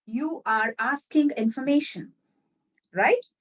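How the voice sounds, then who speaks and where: A woman teaching business English in an online lesson, repeating example sentences slowly and checking that viewers follow. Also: high voice, far from the mic, poor audio. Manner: addresses viewers directly, checks understanding.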